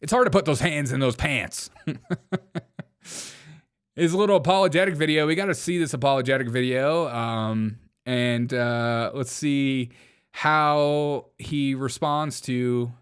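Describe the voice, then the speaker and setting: A man's voice: medium pitch, slow pace, a bit bright, clean tone. A man hosting a casual political commentary show, sarcastic and joking, often breaking into laughter. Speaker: show host.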